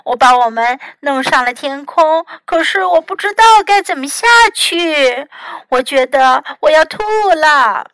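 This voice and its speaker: A woman voicing a timid, excitable male frog in a children's story, in a high, fretful voice. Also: slow, hardly any pauses, no echo, full character voice. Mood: panicked.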